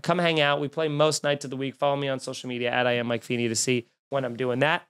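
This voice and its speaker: A young man, a comedian hosting his podcast, telling a story as a profane, exasperated rant and acting out the quotes loudly. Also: mid-range voice, flat delivery, quick pace, clear, resonant tone. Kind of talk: animated comic storytelling rant.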